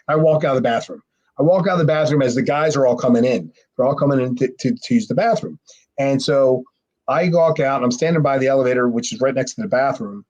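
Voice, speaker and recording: A man, a former pro wrestler guesting on a podcast, telling a rambling, profane story and mimicking others in a high voice. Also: fast. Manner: animated, mimics others with sharply raised pitch. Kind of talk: casual storytelling.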